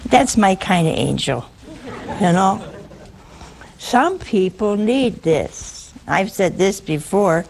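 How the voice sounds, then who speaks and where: A woman's voice: medium pitch, animated, takes it slowly, vocal fry, darkish tone, slight background noise. A woman preaching a humorous sermon in a wry, teasing way, often putting questions to her listeners.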